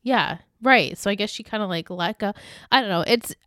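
This podcast co-host chats casually through a recap, retelling scenes with quoted lines and laughs. She has a medium, slightly bright voice at a normal speed, captured with clean studio sound and no echo.

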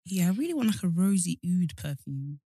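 A young woman in easy banter, dropping jokey asides and playful apologies. Her voice is on the low side, and the recording is dry and close, with no room echo. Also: sing-song, a little fast, warm tone. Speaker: podcast co-host. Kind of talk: casual chat.

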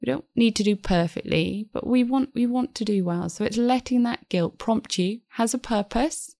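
A woman's voice: fairly high pitch, normal speed, gravelly, warm tone, dry recording. A woman in her thirties, speaking earnestly and reflectively as a podcast guest. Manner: earnest, reflective, acts out inner voices. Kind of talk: conversational interview.

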